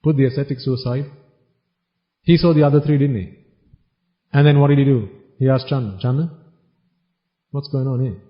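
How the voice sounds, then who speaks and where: A man's voice: medium pitch, a little fast, pauses often. A man giving a Buddhist sermon, teasing his listeners with one question after another in a wry tone. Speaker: Buddhist preacher. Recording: dull lo-fi recording.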